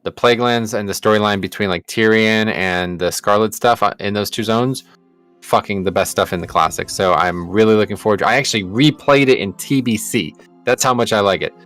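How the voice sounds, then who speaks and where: Low-voiced man reading quest text. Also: fairly quick, fairly bright tone, faint music behind. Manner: reads quest text aloud in a plain voice, swears casually. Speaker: streamer playing an online game. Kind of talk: casual gameplay chat.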